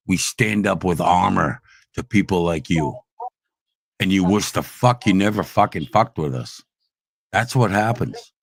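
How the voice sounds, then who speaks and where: A man's voice: deep voice, creaky, no room sound, studio quality. A man hosting a livestream, ranting angrily and profanely, repeating himself as he challenges his critics. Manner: profane, combative, repetitive. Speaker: livestream host. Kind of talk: angry livestream rant.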